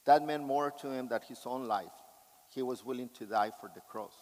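Guy preaching a sermon, fired up and emphatic, mid-pitch voice, big echoey church hall. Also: moderate pace, darkish tone.

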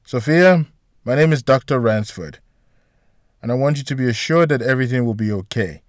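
A seasoned male doctor, brisk and matter-of-fact yet soothing to his patient, as the reader acts him out. Dry, close audiobook sound. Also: medium pitch, animated, no echo, natural voice.

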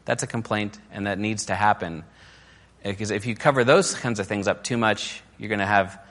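A man with a fairly low voice talks through a sermon on marriage, loose and conversational, with frequent restarts. His voice rings through a big hall with a long reverb tail. Now and then he lifts his pitch to mock a nagging spouse. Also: fairly bright tone. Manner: casual and conversational, with fillers and restarts; acts out quoted criticisms in a raised, mocking voice.

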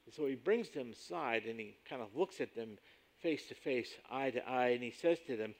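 A pastor preaching with a gravelly, creaky edge to his voice. He is emphatic and climbs sharply in pitch on key points. He slows right down when he reads scripture aloud. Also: animated, darkish tone. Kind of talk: sermon.

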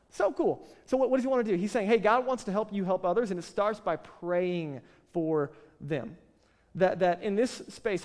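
A male pastor preaching a conversational, animated sermon and often asking the crowd questions. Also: sits high. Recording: reverberant hall sound.

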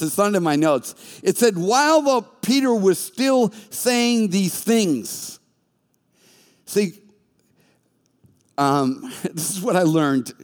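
Male pastor, fairly high voice, animated storyteller, big reverberant hall. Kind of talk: sermon. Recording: long reverb of a large hall.

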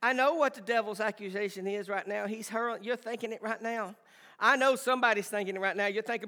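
A man preaching a sermon with impassioned delivery that swings between shouting and hushed pleading. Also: high voice, fast talker, in a large hall.

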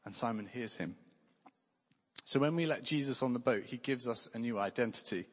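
Male preacher, earnest and conversational, mid-pitched voice, long hall reverb. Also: normal speed, breathy edge. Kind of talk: sermon.

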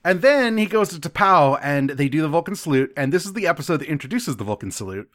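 A man's voice: fairly high pitch, big pitch swings, fast talker, a bit bright. A man co-hosting a podcast, rambling enthusiastically and swearing casually as he recaps a TV episode. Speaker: podcast co-host.

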